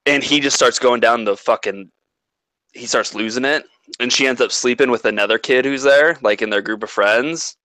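Bright-voiced man retelling a movie, swearing. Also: medium pitch, no room sound, poor audio. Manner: animated, swears freely, quick asides. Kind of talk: casual chat, retelling a movie plot.

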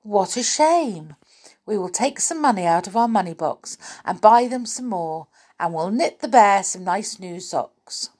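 A woman voicing kind, eager young children speaking brightly in a storybook. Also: mid-range voice, expressive, a little slow, slightly rough.

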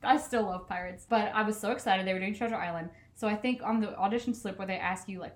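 A young woman chats through a casual podcast story, laughing often and filling her talk with likes. Her voice sits at an average pitch and rings a little in an echoey room. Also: brisk, hardly any pauses. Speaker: podcast co-host.

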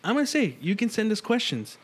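A man's voice: high voice, very animated, fast, breathy edge. A man hosting a casual gaming podcast in laid-back, joking banter. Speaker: podcast host.

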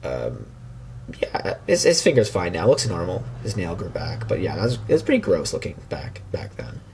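A man's voice: low-pitched, wildly swooping pitch, moderate pace, gravelly, darkish tone, a little hiss or hum. A young man telling a casual, rambling story on a podcast, with frequent restarts and fillers. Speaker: podcast guest.

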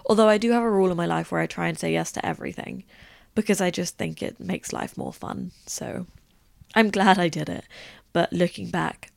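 Very creaky young woman chatting. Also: fairly low pitch, fairly quick, no echo. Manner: chatty, rambling, heavy use of "like". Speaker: podcast host. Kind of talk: casual storytelling chat.

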